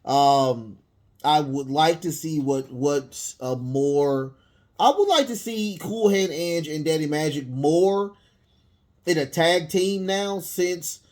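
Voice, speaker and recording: A man's voice: fairly high pitch, a little mellow. A man casually reviewing a wrestling show in one take, rambling with lots of fillers and restarts. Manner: rambling, many fillers and restarts, chuckles at himself.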